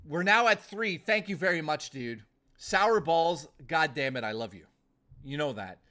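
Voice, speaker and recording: Streamer, young guy, slightly high-pitched voice; blunt, sweary, rambling live chat. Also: expressive, a little slow, sharp tone. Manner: blunt, profane, ranting and rambling.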